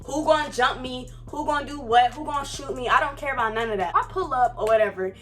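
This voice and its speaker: A young woman telling a storytime on her vlog, animated and profane, full of slang and fired-up asides. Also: high-pitched, quick pace. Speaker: vlogger. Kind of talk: casual storytime. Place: Florida.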